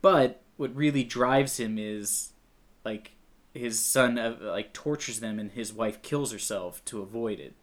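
A man's voice: mid-range voice, measured pace. A man co-hosting a casual movie review podcast, laughing often and nitpicking the plot. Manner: laughs often, nitpicky, mock-quotes characters. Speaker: podcast co-host.

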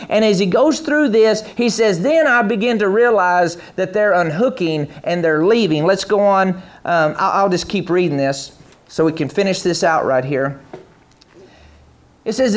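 High-voiced emphatic male preacher. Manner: repetitive, emphatic, rhythmic preaching. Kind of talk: sermon.

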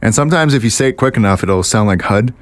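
A man co-hosting a casual podcast chat, telling stories with lively mimicry and frequent laughs. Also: lowish voice, fast, no echo. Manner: animated storyteller, mimics voices and laughs often. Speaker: podcast co-host.

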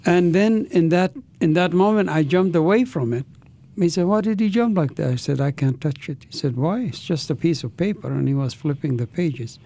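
A man's voice: a little high, normal speed, warm tone. A man, an interview guest, telling his life story with an intense, earnest manner.

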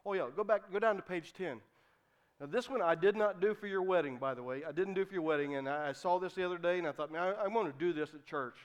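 A male pastor giving a sermon, talking conversationally with many restarts and rising into fervent, shouted refrains. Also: high voice, fast, smooth.

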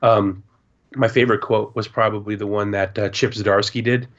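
A man's voice: on the low side, normal speed. A man co-hosting a podcast, telling stories in a loose, rambling casual chat and swearing now and then. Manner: rambling storyteller, swears, does animated voices for others. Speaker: podcast co-host. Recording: slightly dull lo-fi sound.

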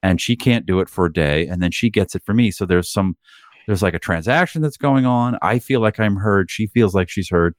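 A man's voice: low voice, fairly quick, no echo, studio quality. A middle-aged man co-hosting a podcast, telling candid stories in casual chat and swearing freely. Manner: candid, profane storytelling. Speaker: podcast co-host.

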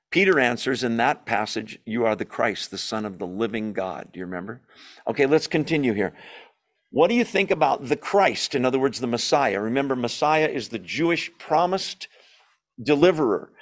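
A man teaching a Bible study group in a mid-pitched voice. He talks in a conversational, emphatic way, stresses key points and puts questions to his listeners. He slips in small jokes as he goes.

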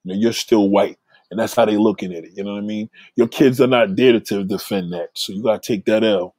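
Husky-voiced man, blunt and profane. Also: on the low side, steady tone, fast, a little mellow, no echo. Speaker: vlogger giving advice. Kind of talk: casual monologue.

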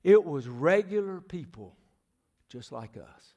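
A middle-aged American man, a visiting missionary, delivers a folksy, storytelling sermon in a church sanctuary, pausing to ask the congregation questions. His voice runs fairly high with a dark tone, and he speaks at a moderate pace with lots of animation.

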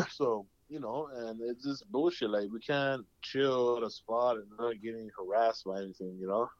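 A man's voice: medium pitch, normal speed, no room sound. A young man, hosting a casual podcast chat and telling rambling stories with plenty of swearing. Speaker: podcast host. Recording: dull lo-fi sound.

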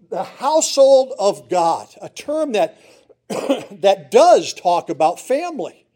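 A middle-aged man delivers a sermon from a church pulpit, his voice sitting notably high for a man. He preaches earnestly, leaning into pleas and repeating key words for emphasis. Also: warm tone. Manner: earnest, pleading, with emphatic repetitions. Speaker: pastor.

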